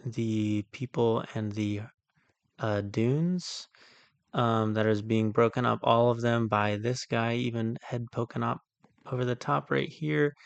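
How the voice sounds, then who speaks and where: A man's voice: on the low side, gravelly, no echo. Ranting male movie reviewer, dry sound. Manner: exasperated ranting, heavy use of "like" and "um"; calmer, analytical when breaking down shots. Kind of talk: casual film critique monologue.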